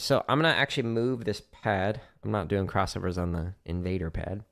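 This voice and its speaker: A man's voice: deep voice, fairly quick, few pauses. A man giving a casual, instructional drum lesson on a livestream from his practice room, talking through technique with fillers. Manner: relaxed instructional talk with fillers. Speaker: drum teacher. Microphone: studio microphone near drum setup.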